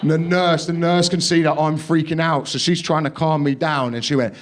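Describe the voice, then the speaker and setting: A man's voice: on the high side, fairly even intonation, brisk, few pauses. A young man performing a stand-up comedy set, telling a story in a punchy way, acting out quotes and swearing as he goes. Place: comedy club stage.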